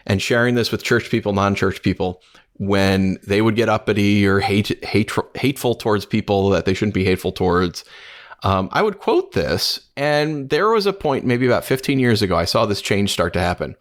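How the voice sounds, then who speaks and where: A man's voice: lowish voice, expressive, fairly quick. A man who has been in ministry for years, co-hosting a faith podcast and talking earnestly, with frequent restarts. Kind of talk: casual devotional discussion.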